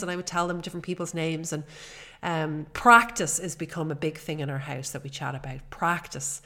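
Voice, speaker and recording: A woman's voice: lowish voice, brisk, a bit bright. A woman, hosting a personal podcast in an earnest, chatty way with fillers. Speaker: podcast host.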